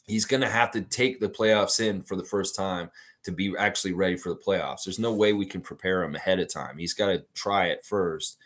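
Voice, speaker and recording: A man's voice: deep voice, normal speed, a bit bright. A man hosting a casual sports livestream, rambling and reading chat messages aloud. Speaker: livestream host.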